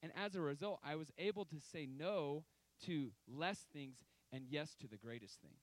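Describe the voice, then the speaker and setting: A man in his thirties preaching a sermon, telling stories with emphatic, sudden loud outbursts. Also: a little high, normal speed, no room sound, poor audio.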